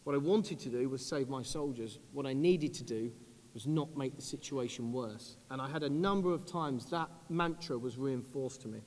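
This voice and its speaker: A British man in his thirties, an army officer speaking on a conference panel, earnest and measured, going low and quiet on grave points. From United Kingdom. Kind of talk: panel talk. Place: large conference hall. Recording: long hall reverb.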